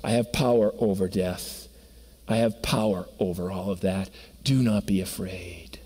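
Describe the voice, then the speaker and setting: A man voicing a gentle and comforting divine figure, speaking softly, slowly and reassuringly in a sermon. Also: low-pitched, breathy edge, pitched below the performer's own voice. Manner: soft, slow and reassuring. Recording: long reverb of a church hall.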